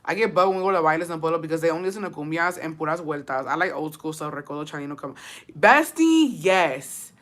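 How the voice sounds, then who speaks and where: A woman's voice: low-pitched, expressive, quick pace, a bit bright. A woman streamer from Texas chatting casually with viewers, switching between English and Spanish, swearing freely. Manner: bilingual code-switching, profane, chatty. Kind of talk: casual chat.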